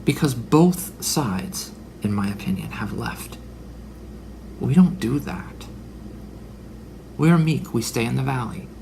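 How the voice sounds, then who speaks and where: Gravelly-voiced man preaching. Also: medium pitch, lively intonation, slow pace, long pauses, a little mellow, a little hiss or hum. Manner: dramatic, drops into breathy whispered asides. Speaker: religious speaker. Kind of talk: preaching monologue.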